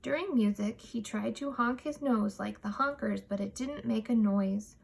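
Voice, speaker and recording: A woman reading a children's picture book aloud, expressive and measured. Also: a little high, gravelly, slightly rough. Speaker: storytime reader.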